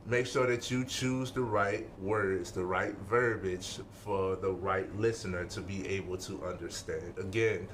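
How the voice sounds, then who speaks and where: A man's voice: low voice, fairly bright tone, slight background noise. A man giving an informal motivational lesson, emphatic, repeating his points and checking in with the listener. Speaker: life-skills speaker.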